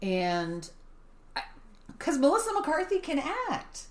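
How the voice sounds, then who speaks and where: A woman co-hosting a podcast, bantering with quick jokes and frequent laughter. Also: high voice. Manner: quick-witted, laughs often, lively banter. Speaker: podcast co-host. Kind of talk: casual chat. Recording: roomy echo.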